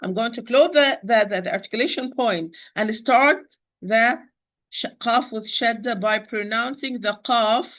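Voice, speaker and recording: A woman teaching Quran recitation in an online lesson, patiently repeating words slowly to demonstrate pronunciation. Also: mid-range voice, bright, forceful tone, rough recording. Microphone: computer, teaching over a shared screen.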